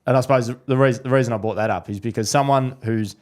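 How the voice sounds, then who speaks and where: A man's voice: medium pitch, quick pace, darkish tone. An Australian man co-hosting a podcast in a studio, asking direct questions and making blunt, casual remarks. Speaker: podcast co-host.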